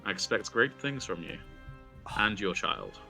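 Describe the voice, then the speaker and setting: A man's voice: fairly low pitch, wildly swooping pitch, measured pace, gravelly, sharp tone, faint music behind, full character voice. A man voicing a vain, jovial sea king who talks grandly and chuckles at himself. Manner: pompous, chuckling, generous.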